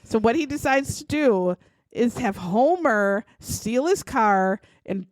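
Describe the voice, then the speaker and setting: A woman's voice: a little high, lively intonation, takes it slowly, no room sound. A woman co-hosting a podcast, retelling a true-crime case in a profane, sarcastic, exasperated way. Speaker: podcast co-host. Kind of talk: casual true-crime storytelling.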